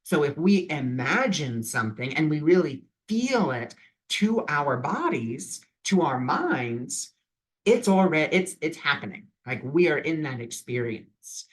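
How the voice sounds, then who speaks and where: A man's voice: on the high side, sing-song, a little slow. A man in his own vlog, talking casually and earnestly about imagination, with loose phrasing and many fillers. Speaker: vlogger sharing spiritual advice. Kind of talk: casual reflective vlog talk.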